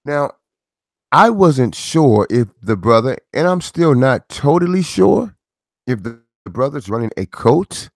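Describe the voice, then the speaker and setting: Here the middle-aged host sounds mid-range and sing-song, unhurried, with vocal fry. He sermonizes in a casual monologue, leaning on rhetorical questions and repeated lines, in a dry, studio-quality recording.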